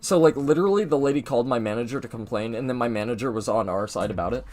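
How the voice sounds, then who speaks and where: A young man chats loosely and animatedly, jumping between his own voice and quick impressions of the people in his anecdote. His voice sits in a middle register. Faint game music plays behind him. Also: medium pitch. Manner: rambling, animated, mimics people in his story. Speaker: gaming video host. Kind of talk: casual storytelling over gameplay.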